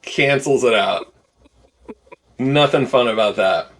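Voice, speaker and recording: A man hosting a casual sports betting podcast, who is animated and opinionated and often laughs. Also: medium pitch, slow. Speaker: podcast host.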